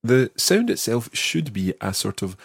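A man hosting an audio language lesson, patiently explaining and slowing down to model each word. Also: fairly low pitch, very animated, creaky, breathy edge, no echo, studio quality. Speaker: language teacher, podcast host.

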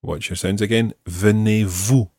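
A man teaching a French lesson, explaining and slowly modelling phrases for learners to repeat. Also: lowish voice, sing-song, darkish tone, no room sound, studio quality. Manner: slow, careful modelling of phrases. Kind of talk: audio language lesson.

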